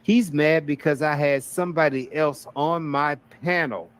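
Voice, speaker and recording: A man's voice: fairly high pitch, fairly even intonation, unhurried, smooth. A man talking casually on a stream, defensively explaining his side.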